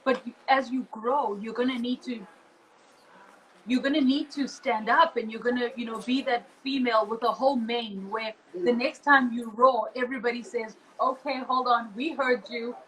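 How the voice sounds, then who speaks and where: Woman podcast host, high-pitched, earnest and encouraging, faint hum behind her. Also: fairly even intonation, moderate pace, fairly bright tone, low-quality recording. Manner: earnest and encouraging, builds on the guest's points. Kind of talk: reflective interview conversation.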